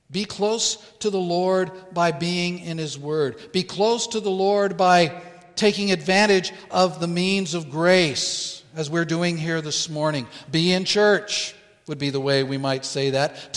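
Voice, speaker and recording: A man preaching a sermon as pastor in a church, earnest and deliberate, pausing to stress key words. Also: on the high side, fairly bright tone, in a large hall. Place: church sanctuary.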